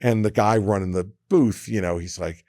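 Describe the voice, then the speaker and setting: New man in his sixties, podcast guest, a lively raconteur who does the voices, lowish pitch, dry close sound. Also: moderate pace, no echo. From New Jersey, USA. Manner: animated anecdote teller who acts out quoted people, with frequent restarts. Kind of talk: casual storytelling in conversation.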